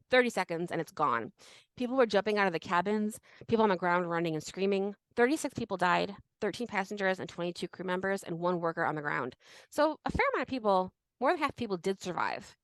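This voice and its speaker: Animated young woman podcast host. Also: mid-range voice, brisk, dry recording. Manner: animated, many fillers and restarts. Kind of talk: casual history chat.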